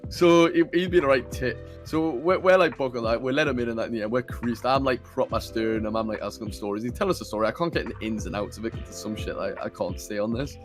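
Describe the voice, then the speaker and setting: A young podcast host with a mid-range voice tells a story casually, talking at a quick pace with few pauses. His storytelling rambles, is sweary and is full of fillers. Soft music plays in the background, and he's recorded on a computer camera mic.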